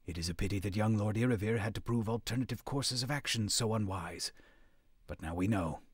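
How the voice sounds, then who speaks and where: A man's voice: fairly low pitch, a little fast, husky, dry recording, studio quality. A man doing a growling bitter elder creature. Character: bitter vengeful male elder astrologer creature.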